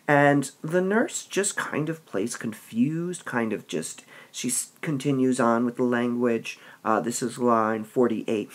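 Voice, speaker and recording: A man teaching a literature lesson, reading passages aloud and explaining them with a lively manner and frequent "all right"s. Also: medium pitch, a little slow.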